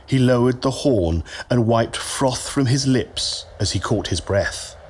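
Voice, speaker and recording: Man reading a myth slowly, lively pitch, noisy recording. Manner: slow, expressive storytelling. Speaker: narrator. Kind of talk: scripted story narration.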